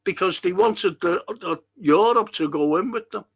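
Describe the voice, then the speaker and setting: His high-pitched voice is gravelly and slightly rough at a normal speed. A middle-aged man from England with a Liverpool accent, he runs a live talk stream where he rambles through viewer comments, indignant and blunt, swearing without restraint.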